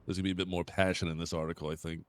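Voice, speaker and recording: A man with a very deep, low voice, chatting in character as a police officer during a roleplay session. He tells his stories bluntly, swearing often. He speaks through a close desk mic. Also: little pitch movement, rapid-fire. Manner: profane, storytelling, blunt. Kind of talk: casual in-character roleplay chat.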